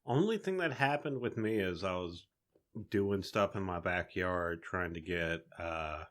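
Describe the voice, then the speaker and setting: A man's voice: deep voice, lively intonation, a little slow, fairly bright tone. A man co-hosting a podcast in laid-back casual chat, dropping profane interjections. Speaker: podcast co-host.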